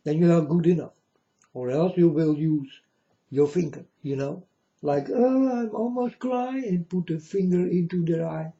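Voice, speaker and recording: A man's voice: on the high side, steady tone, moderate pace, vocal fry, dark tone. A man hosting his own channel, delivering a blunt, scornful, preachy ranting monologue. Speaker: channel host. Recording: dull lo-fi recording.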